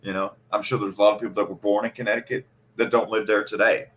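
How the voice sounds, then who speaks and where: A man's voice: lowish voice, flat delivery, fast, a bit bright, slight background noise. A man from central Kentucky, hosting a casual podcast chat and rambling animatedly through stories and imitated regional words. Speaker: podcast host.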